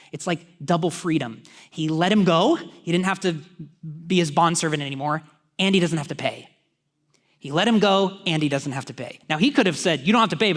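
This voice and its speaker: A man preaching a sermon in a church, talking conversationally with joking asides to the congregation. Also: sits high. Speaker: pastor.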